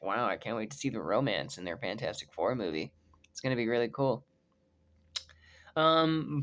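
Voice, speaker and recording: A young man giving casual fan commentary on movie casting, excitable and slangy, swearing freely with lots of ums. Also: mid-range voice. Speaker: YouTuber reviewing movie casting.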